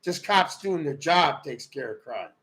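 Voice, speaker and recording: A man hosting a livestream, ranting about politics in a heated way, swinging from loud outbursts to low muttering. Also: expressive, unhurried, low-quality recording. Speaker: livestream host. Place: rural home.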